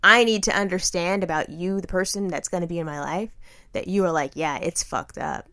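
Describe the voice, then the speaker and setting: A woman's voice: fairly low pitch, fairly quick, bright, forceful tone, no room sound, clean studio sound. A woman co-hosting a podcast in casual chat, blunt and emphatic, with plenty of cussing. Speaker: podcast co-host.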